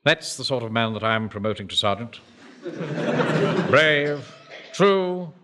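A pompous bank manager. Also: male voice, medium pitch, lively intonation, slow pace, pushed and bright, slight background noise. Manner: pompous, blustering, commanding. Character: pompous middle-aged male bank manager, self-important officer. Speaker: bank manager and platoon commander. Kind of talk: broadcast sitcom acting.

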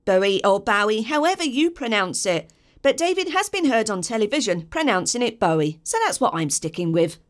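A woman's voice: fairly high pitch, very animated, fairly quick. A woman narrating a scripted biography, informative with wry personal asides. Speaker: documentary narrator.

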